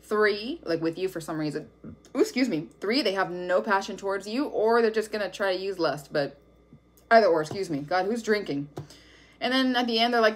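A woman's voice: mid-range voice, expressive, fairly quick, a little hiss or hum. Brief: woman tarot reader, casual, blunt and profane delivery. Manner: blunt, profane, laughing often. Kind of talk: casual tarot reading to camera.

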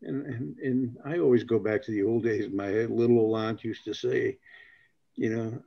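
A man's voice: medium pitch, fairly even intonation, moderate pace, vocal fry, mellow, lo-fi sound. A man with a Boston accent, a business leader on a panel, telling a story in a rambling way, often repeating his words as he goes.

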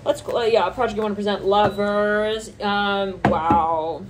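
A woman's voice: fairly even intonation, unhurried, very noisy. A woman doing a channeled tarot reading, thinking aloud between card names, laughing often and squealing when she quotes people. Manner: squeals high-pitched reactions when quoting people. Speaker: tarot reader.

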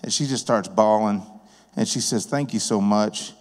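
Folksy preacher in a reverberant church. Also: male voice, lowish voice, normal speed, a little mellow. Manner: folksy, conversational, plain-spoken. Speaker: guest preacher and business owner. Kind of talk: sermon with personal storytelling. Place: church sanctuary. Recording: long reverb of a church hall.

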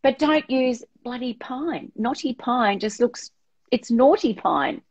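A brassy, theatrical Australian woman rants about design in a fairly high voice, blunt and campy, calling everyone darling. The audio is dull and lo-fi, like a streamed chat. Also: expressive, slow, darkish tone, breathy edge. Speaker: interior designer co-host. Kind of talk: casual live-stream chat.

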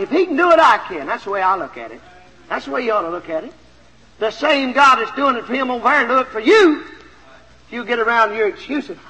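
A man with a very high, bright, forceful voice preaches a sermon. He tells a story with lots of animation and urges his listeners on. The sound is an old 1970s LP recording from a church auditorium, with a long reverb and faint hiss.

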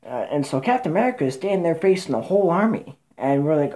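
A woman giving a casual, rambling movie recap, excitable and swearing, with many fillers and restarts. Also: low voice, moderate pace. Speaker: movie reviewer.

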